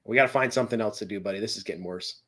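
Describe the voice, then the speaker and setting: Bright-voiced man groaning through hot sauce. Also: lowish voice, very fast. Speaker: co-host. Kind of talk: casual chat.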